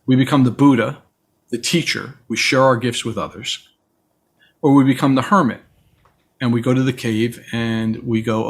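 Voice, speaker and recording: A man speaks in a slightly husky voice at an ordinary middle pitch. He talks as a guest in a reflective conversation, winding through stories and acting out the voices of people he quotes. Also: fairly even intonation, normal speed. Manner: storytelling, acts out quoted voices. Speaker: interview guest.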